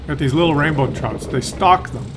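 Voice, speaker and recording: A man's voice: on the high side, animated, moderate pace, noisy background. A man, from Ontario, chatting through a long rambling story as he plays a tank game and often loses his thread. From Ontario, Canada. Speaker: gaming channel host. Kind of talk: rambling chat while playing a tank game.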